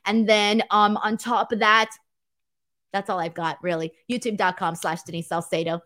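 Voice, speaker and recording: A woman's voice: mid-range voice, flat delivery, moderate pace, a bit bright. A woman from California with a Valley girl accent, hosting a wrestling show in a casual, self-mocking livestream chat with her viewers.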